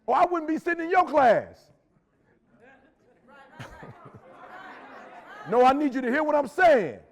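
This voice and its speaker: A man's voice: very high-pitched, big pitch swings, measured pace, some chatter behind. A middle-aged man from Detroit giving an urgent, preachy motivational speech to a live audience, slangy and repeating lines for emphasis. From Detroit, Michigan, USA. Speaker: motivational speaker.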